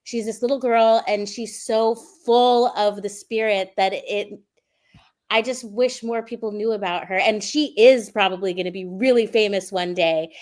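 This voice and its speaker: A woman's voice: mid-range voice, darkish tone. A woman co-hosting an online show in a casual, bubbly way, talking over a call. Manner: bubbly and chatty, acts out animal sounds. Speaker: co-host.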